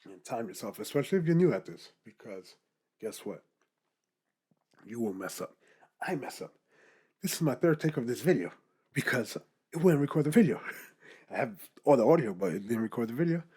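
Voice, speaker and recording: A young man, a podcaster, giving casual advice straight to the camera in a lively, animated way. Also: mid-range voice, normal speed, long pauses, breathy edge. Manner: animated, talks straight to the viewer, keeps asking "guess what?".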